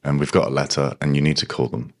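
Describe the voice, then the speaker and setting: A man's voice: rumbling low, little pitch movement, fast talker. A man co-hosting a podcast, talking casually, supportive and prompting but blunt. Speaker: podcast co-host. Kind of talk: casual chat.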